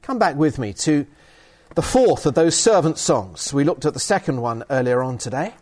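A man's voice: a little high, animated, moderate pace, darkish tone. A man preaching a sermon and reading from the Bible, emphatic with hesitant fillers.

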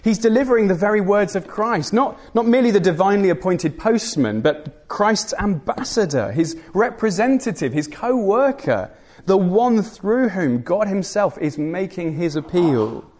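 Earnest male preacher, slightly high. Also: expressive, normal speed, darkish tone. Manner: earnest and emphatic, with dry asides. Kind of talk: sermon.

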